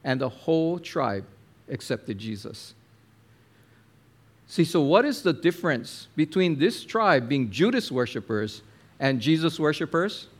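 A man preaching a sermon, telling a story with lively acted-out quotes and talking to the listener directly. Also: fairly high pitch, a little slow. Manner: animated storyteller, acts out quotes, addresses listener as my friend.

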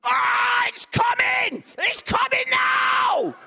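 A man's voice: extremely high pitch, level tone, drawn-out words, gravelly, sharp tone, shouting, pitched above the performer's own voice, exaggerated voice. A man voicing a little girl playing Mary in a school nativity, wailing dramatically.

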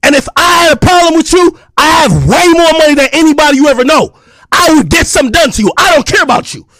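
A man with a podcast delivering an aggressive, profane callout, taunting and often shouting. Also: very high voice, expressive, fast talker, no room sound, clean studio sound. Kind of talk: heated callout rant to camera.

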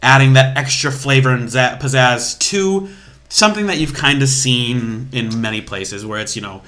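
A man's voice: mid-range voice, normal speed, pushed and bright. Chatty man recapping a trip on a podcast. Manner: chatty, explains things at length with small restarts. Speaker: podcast co-host. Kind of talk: casual podcast chat.

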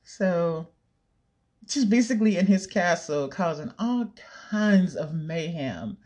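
A woman's voice: lowish voice, lively intonation, takes it slowly, a little mellow. A young woman chatting casually to camera, rambling, giggling and swearing now and then. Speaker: vlogger. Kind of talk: casual chat.

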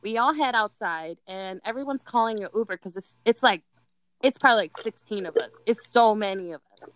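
A young woman telling a story in casual chat, animated, swearing and mocking herself. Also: mid-range voice, a little fast, dry recording, poor audio.

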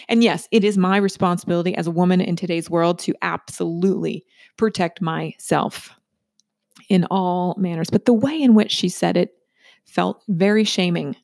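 Chatty gravelly-voiced woman telling a story. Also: on the low side, normal speed, darkish tone, no echo, clean studio sound. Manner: chatty, asks "right?" often. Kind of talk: personal storytelling monologue.

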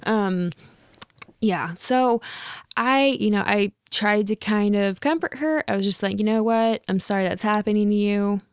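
A woman's voice: mid-range voice, measured pace, clear, resonant tone, dry recording, clean studio sound. A young woman, a real estate agent, telling a story in a casual vlog, chatty with lots of fillers and frequent laughs.

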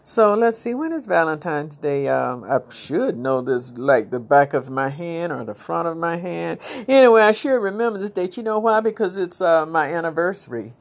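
A woman's voice: lowish voice, animated, moderate pace, hardly any pauses. A woman hosting her own podcast, talking in a rambling, chatty way with religious phrasing. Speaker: podcast host. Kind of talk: casual inspirational podcast monologue.

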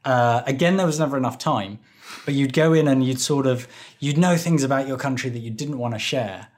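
A man's voice: medium pitch, a little fast. Thoughtful man explaining. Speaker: game player. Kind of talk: casual group chat.

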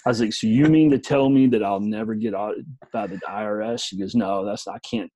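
A man's voice: on the low side, fairly even intonation, fairly quick, dark tone, breathy edge, dry recording, low-quality recording. Laid-back middle-aged man telling stories. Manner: laid-back storyteller, salty language, says "man" often. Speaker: podcast co-host. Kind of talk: casual storytelling chat.

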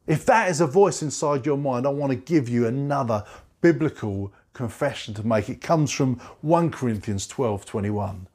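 A male pastor delivers a sermon, his slightly high voice swinging widely in pitch. He stresses and repeats key phrases, slowing and dropping low whenever he quotes scripture. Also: very animated.

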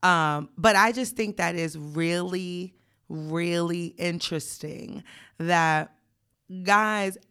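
A woman's voice: on the low side, slow pace, fairly bright tone, clear, resonant tone. A young woman co-hosting a casual podcast, telling a story bluntly and profanely, reading text messages aloud and breaking into frequent laughter. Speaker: podcast co-host.

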